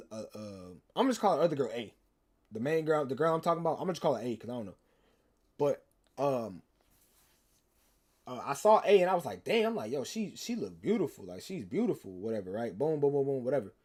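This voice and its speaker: A man's voice: mid-range voice, sing-song, a little fast, darkish tone. A young man, telling a rambling, slangy story to his stream chat and teasing viewers. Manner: rambling, slangy, repeats himself, teases chat.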